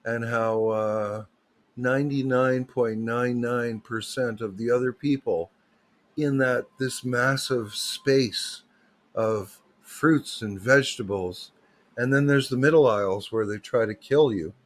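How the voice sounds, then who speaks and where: A man's voice: medium pitch, takes it slowly. A man, hosting a livestream with rambling, joking, digressive chat. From Canada. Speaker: livestream host.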